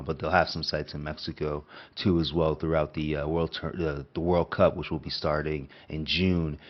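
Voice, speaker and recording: Casual sports podcast host, man with a deep voice and a stuffy nose, meandering delivery, muffled lo-fi recording. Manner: rambling, repeats "and all too as well". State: nasal from a cold.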